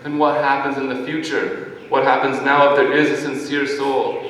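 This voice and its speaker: A man's voice: medium pitch, little pitch movement, moderate pace, fairly bright tone. A man giving an earnest devotional talk, quoting scripture verses in Sanskrit and Bengali. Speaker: devotee giving a spoken offering. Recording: echoey hall, distant mic, faint ambience.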